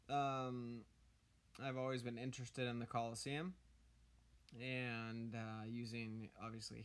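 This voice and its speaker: A man with a hoarse voice talks through game strategy at a slow, halting pace, filling his pauses with ums and uhs. Under the roughness of the cold his tone stays clean and smooth, and he keeps it casual and conversational. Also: medium pitch. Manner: hesitant, many ums and uhs. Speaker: gaming YouTuber. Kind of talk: casual game tips commentary.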